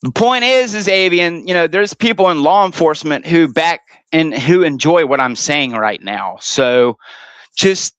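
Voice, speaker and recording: A man's voice: fairly high pitch, lively intonation, a little slow, a bit bright, clear, resonant tone, no echo, poor audio. A man ranting and taunting others during a heated online panel argument, swearing often. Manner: profane. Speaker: panel guest.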